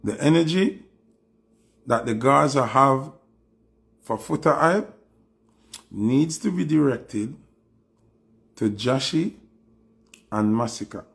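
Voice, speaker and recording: A Jamaican man delivers a provocative commentary monologue in a slow, unhurried cadence. His voice is gravelly and husky, and he slips easily between patois and English while goading his target. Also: medium pitch, lively intonation, a bit bright. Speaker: dancehall commentator.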